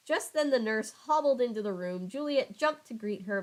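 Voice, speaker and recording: A woman's voice: fairly high pitch, lively intonation, normal speed, poor audio. A young woman casually reading a children's book aloud with wry, chatty asides. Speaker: channel host.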